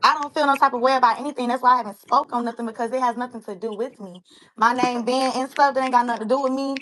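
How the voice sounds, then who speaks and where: A woman's voice: on the high side, steady tone, fast talker, a bit bright. A woman insistently defending what she said on a group phone call. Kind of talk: heated phone call argument.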